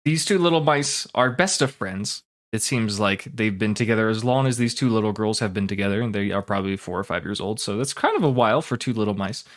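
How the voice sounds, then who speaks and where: A man's voice: lowish voice, brisk, few pauses. A man narrating as game master of a tabletop game, talking casually with plenty of fillers.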